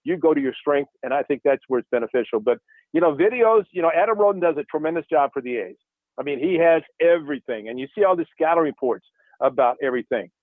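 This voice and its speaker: Excitable former catcher on radio. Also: male voice, fairly high pitch, quick pace, dry recording. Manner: animated storyteller, acts out dialogue. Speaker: baseball broadcaster, former catcher. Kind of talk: casual sports radio chat. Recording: dry phone-like radio line.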